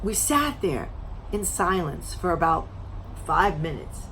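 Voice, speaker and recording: A woman vlogger telling a story to camera in a blunt, animated way, swearing freely, her voice a little strained as she loses it. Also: lowish voice, slow pace, a little hiss or hum. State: losing her voice.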